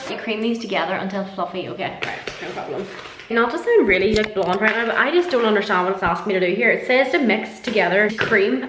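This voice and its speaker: Chatty Irish woman in an echoey kitchen. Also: mid-range voice. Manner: chatty, self-mocking, swears casually. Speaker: vlogger. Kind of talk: casual cooking vlog chat. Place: home kitchen. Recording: echoey kitchen with background noise.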